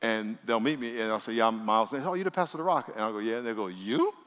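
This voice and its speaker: A male pastor preaching a sermon, leading the congregation in call-and-response and swinging between loud bursts and quiet asides. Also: fairly low pitch, very fast, smooth, long reverb tail. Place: church sanctuary.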